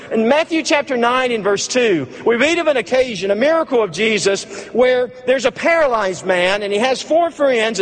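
A man with a high voice delivers an emphatic sermon, hammering on repeated phrases. He sometimes drops his voice low and soft. A long reverb from a large hall trails behind every word. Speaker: preacher.

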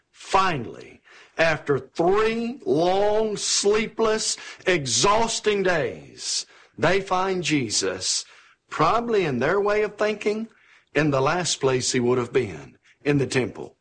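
Slow, breathy preacher man. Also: a little high, fairly bright tone. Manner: storytelling, asks the listeners questions. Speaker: pastor. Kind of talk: sermon.

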